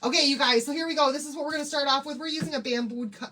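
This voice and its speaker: A fairly high-voiced woman hosts a casual craft livestream. She is bubbly and chatty, greeting her viewers one by one as she gets her supplies ready. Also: rapid-fire, sharp tone.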